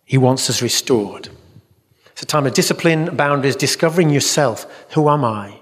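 A man's voice: mid-range voice, lively intonation, moderate pace. Earnest male church teacher in a hall. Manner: earnest, acts out voices in stories. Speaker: Christian teacher. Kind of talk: teaching talk at a church conference. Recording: reverberant hall.

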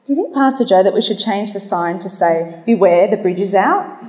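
A woman's voice: medium pitch, expressive, brisk, a little mellow, roomy sound, big-room sound, lightly acted, poor audio. A woman doing a wry Irish priest. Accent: attempted Irish. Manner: playful joke delivery. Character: Catholic priest, man, dry and wry.

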